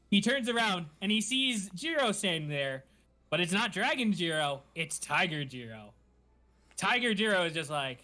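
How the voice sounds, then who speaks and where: A man hosting a podcast, recapping a show in animated, giggly casual chat. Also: sits high, moderate pace. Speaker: podcast host.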